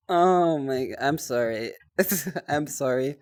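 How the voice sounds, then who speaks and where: A woman's voice: rumbling low, expressive, slow pace, darkish tone. A young woman streaming live, chatting casually in a rambling, self-deprecating way, often stumbling over and repeating her words.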